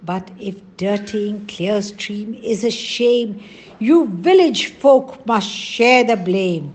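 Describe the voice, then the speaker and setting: A woman's voice: mid-range voice, a little mellow. A woman voicing a wise, mournful old female crow in a storybook reading, lamenting and pleading.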